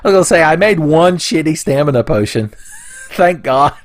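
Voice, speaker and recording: A man's voice: fairly high pitch, lively intonation, moderate pace. A man giving crude, rambling commentary over his own gameplay. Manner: rambling, crude jokes, mock voices for enemies. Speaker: gaming video host.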